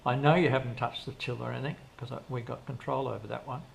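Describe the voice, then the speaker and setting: A man's voice: medium pitch, fairly even intonation, fast talker, gravelly. An older man, telling long, rambling stories as an interview guest, full of restarts and quoted dialogue. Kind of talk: casual storytelling in an interview. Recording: faint background noise.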